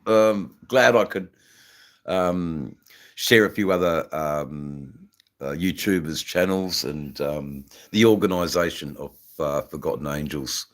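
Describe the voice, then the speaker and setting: Australian male streamer, deep and slow, halting laid-back chat full of slang. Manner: smoking while talking. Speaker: livestream host. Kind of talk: casual live-stream chat.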